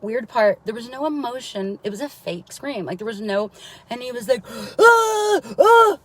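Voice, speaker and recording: This woman's voice is on the high side with a darkish tone, moving at a normal speed; the recording is rough but has no room sound. A mother on a live stream, she tells a long, rambling personal story laced with swearing and frequent "right?" asides to her listeners.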